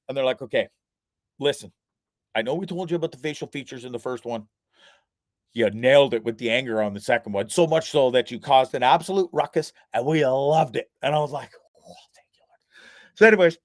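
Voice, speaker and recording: A man hosting a live show, telling a story in a casual, animated way, swearing, laughing at himself and acting out other people's voices. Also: a little high, no echo, clean studio sound.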